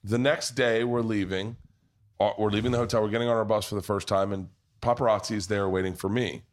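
A man's voice: on the low side, steady tone, a little fast. A man hosting a podcast, telling rambling, profane anecdotes in casual chat at a pub. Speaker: podcast host.

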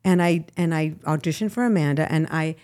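Lively middle-aged woman telling stories. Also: low-pitched, fairly quick. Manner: animated storyteller, laughs often, lively asides. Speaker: guest actress. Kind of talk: casual interview chat.

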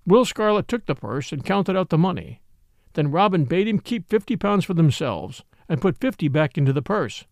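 A man narrating a storybook as an audiobook reader, in an expressive, measured way on a close studio mic. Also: fairly high pitch, no echo.

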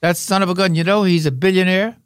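A man's voice: high voice, steady tone, fast talker, clean tone, dry recording, studio quality. Older man, wry, rambling storyteller. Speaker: guest, veteran actor. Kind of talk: anecdotal interview talk.

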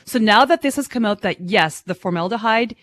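A woman's voice: medium pitch, lively intonation, fairly quick, a bit bright, no room sound. A female radio co-host chatting in an upbeat, playful way in the studio. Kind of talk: casual radio talk.

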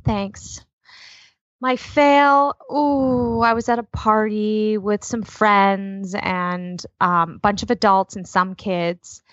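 A woman in her thirties co-hosting a casual chat, telling stories quickly and expressively. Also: medium pitch, fairly even intonation, a bit bright, no room sound. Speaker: podcast co-host. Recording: slightly dull lo-fi sound.

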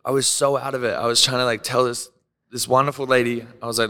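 Australian male guest, bright and crisp, profane and animated storyteller, reverby room. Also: medium pitch, fast. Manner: animated, profane, laughs often, acts out quotes. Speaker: podcast guest. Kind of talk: casual storytelling.

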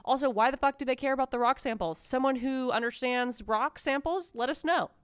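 A woman co-hosts a casual podcast in a Californian accent, her voice nasal and congested from a sinus infection. She chats loosely and swears freely. Her tone stays smooth and clean. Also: high-pitched, brisk, no echo, clean studio sound. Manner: chatty, swears, giggles often. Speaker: podcast co-host. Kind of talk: casual chat.

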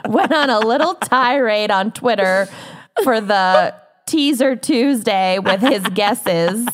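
Female co-host, deadpan and unhurried, tired from jet lag. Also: on the high side. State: jet lagged. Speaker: podcast co-host. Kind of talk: casual chat.

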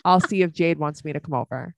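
A woman's voice: deep voice, quick pace, no room sound. A woman co-hosting a podcast, chatting casually and bluntly about a TV show. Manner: blunt, opinionated, frequent agreeing fillers. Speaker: podcast co-host. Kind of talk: casual chat recapping a TV show.

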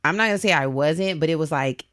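Low-voiced woman telling a blunt story. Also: quick pace, no echo, studio quality. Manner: animated, blunt, swears freely. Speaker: podcast co-host. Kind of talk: casual storytelling chat.

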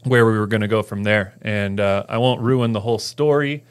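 A man with a lowish, smooth, clear voice chatting casually as a podcast guest. He rambles loosely with plenty of ums, and his dry close sound carries no room echo. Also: fairly quick. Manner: loose and rambling with many fillers. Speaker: snowboard filmmaker guest.

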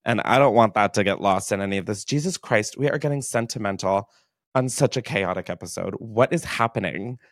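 A man's voice: fairly low pitch, brisk, no room sound, clean studio sound. A man hosting a casual podcast from his basement, emotional, giggly and casually swearing. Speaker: podcast host.

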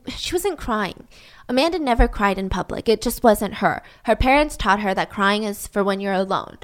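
High-voiced woman telling a story chattily. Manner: chatty, full of "like" fillers. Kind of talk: casual true-crime storytelling.

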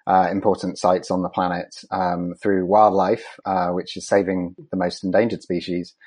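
A man's voice: sits low, flat delivery, moderate pace, darkish tone. A man answering interview questions as a conservation scientist, speaking with frequent ums and restarts. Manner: hesitant, many ums and restarts.

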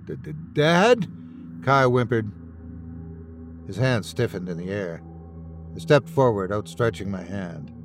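A man's voice: fairly low pitch, a little slow, pauses often. A man narrating a first-person horror story with tense, dramatic delivery. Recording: with background music.

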